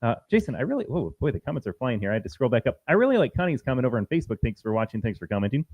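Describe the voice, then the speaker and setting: A man's voice: medium pitch, very animated, rapid-fire, dry recording, lo-fi sound. A man co-hosting a political podcast, talking in a blunt, indignant way. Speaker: podcast co-host. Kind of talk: heated political podcast talk.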